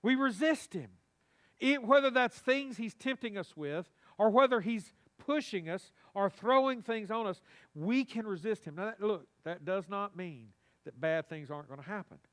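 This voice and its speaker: A male pastor delivers a sermon in a church sanctuary. His voice sits high for a man, and his delivery is animated and folksy, often calling on the congregation to respond. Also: moderate pace.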